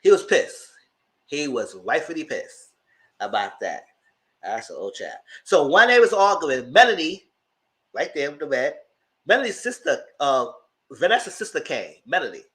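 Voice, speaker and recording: Animated man with a bright lively voice. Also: normal speed. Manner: animated storytelling, acting out quotes with big pitch jumps. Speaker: TV recap commentator. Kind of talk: casual recap chat.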